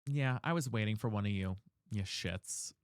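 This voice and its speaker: A man's voice: fairly low pitch, moderate pace, clear, resonant tone, dry recording, studio quality. A young man streamer chatting casually with his chat, reading questions aloud and explaining voice technique.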